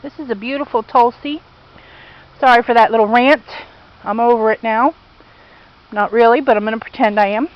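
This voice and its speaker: A woman's voice: on the high side, fairly even intonation, moderate pace, pauses often, dull audio. A woman giving a chatty, casual tour of her home garden outdoors, talking to her pets and venting about her losses. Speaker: vlogger.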